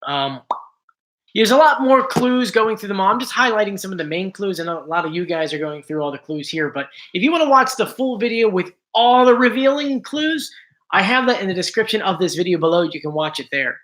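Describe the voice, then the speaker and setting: A man's voice: high-pitched, expressive, brisk, fairly bright tone. A man hosting a casual livestream, chatting to viewers with frequent restarts and apologetic asides. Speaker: host.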